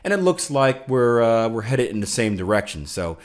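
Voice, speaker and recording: A man's voice: medium pitch, big pitch swings, moderate pace. A man hosting a trading video, talking casually with frequent restarts and fillers in an upbeat, self-promoting way. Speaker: forex trader and video host. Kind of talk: casual market commentary and sign-off.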